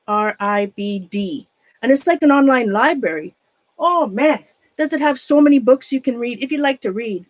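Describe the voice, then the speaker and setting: A woman who runs a craft room vlog chats casually with her live-stream viewers in a voice on the high side. She rambles, frequently trails off and restarts partway through a sentence, and laughs at herself a lot.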